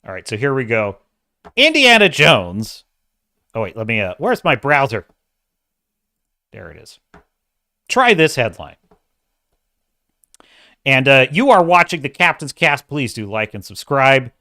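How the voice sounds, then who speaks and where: A man's voice: mid-range voice, sing-song, a little slow, pauses often, bright, forceful tone, dry recording, studio quality. A man hosting a casual commentary show, ranting in an emphatic, exasperated way. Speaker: host.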